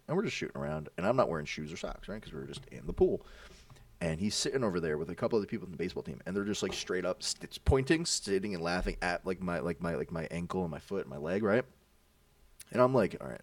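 Animated young man telling stories. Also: low voice, fast, no echo, far from the mic. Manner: animated, swears freely, acts out quotes. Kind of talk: casual storytelling among friends.

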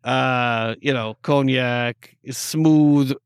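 A man's voice: medium pitch, fairly even intonation, drawn-out words, creaky, smooth, no echo, studio quality. A man co-hosting a casual drink-tasting podcast, joking and often restarting his sentences. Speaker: podcast co-host.

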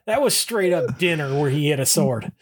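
A man's voice: fairly high pitch, normal speed, husky. A man co-hosting a podcast, casually recapping a TV episode and acting out the characters' lines as he goes. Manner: animated plot retelling, acts out character lines. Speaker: podcast co-host.

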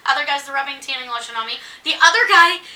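A woman with a high voice talks fast and sits far from the mic in an echoey room. Chatting casually, she tells a long story and animatedly acts out what people said.

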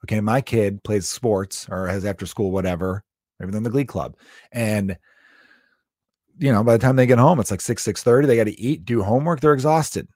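A man hosting a casual solo talk show, ranting and swearing freely, his voice jumping up high when he is incredulous. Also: a little fast, dry recording, studio quality. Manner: animated, swears often, pitch jumps up in disbelief.

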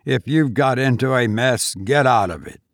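A man's voice: normal speed, no echo, studio quality, lightly acted. A man voicing a stern, short-tempered man who speaks bluntly and with restraint. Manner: blunt, curt, low and restrained.

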